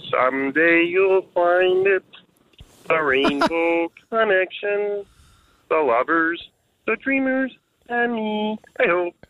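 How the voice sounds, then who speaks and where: A man doing a sung impression of a gentle, wistful male cartoon frog. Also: high-pitched, slow, no room sound, phone-quality sound. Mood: wistful singing.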